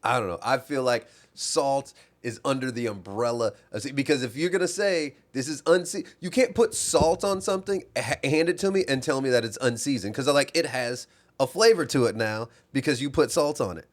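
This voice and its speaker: A man's voice: medium pitch, normal speed. Rambling, self-correcting podcast co-host man. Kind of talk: casual comedy podcast banter.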